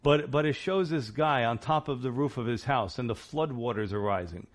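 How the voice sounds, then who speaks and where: A man's voice: mid-range voice, normal speed. A man preaching a sermon, earnest and encouraging, often asking the listeners rhetorical questions. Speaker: pastor.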